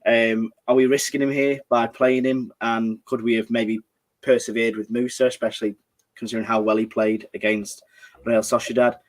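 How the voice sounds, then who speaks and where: A man's voice: medium pitch, level tone, normal speed. Man, football livestream host, casual chat, chatty. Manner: chatty, reads viewer comments aloud.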